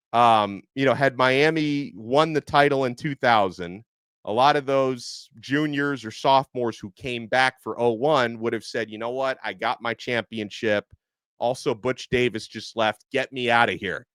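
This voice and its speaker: A man hosting a casual sports podcast, talking in a chatty, animated way with plenty of fillers. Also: medium pitch, clear, resonant tone, dry recording. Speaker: podcast host. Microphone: headset earpiece.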